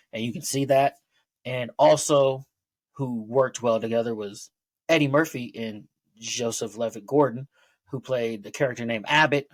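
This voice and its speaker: A man's voice: mid-range voice, no echo. A man giving a casual, rambling movie review, loose and full of fillers, laughing and swearing as he goes.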